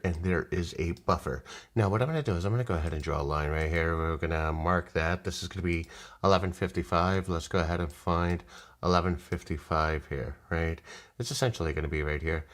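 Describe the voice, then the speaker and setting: A man casually walking viewers through a trading chart, rambling and swearing, acting out little voices as he goes. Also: low voice. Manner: profane, rambling, animated with put-on voices. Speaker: day trading streamer. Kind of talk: casual live chart walkthrough.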